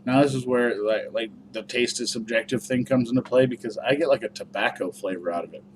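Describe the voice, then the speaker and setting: A man's voice: medium pitch, fairly quick, slight background noise. Chatty man rambling through a review. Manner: rambling, chatty, many fillers. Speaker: product reviewer. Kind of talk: casual review vlog.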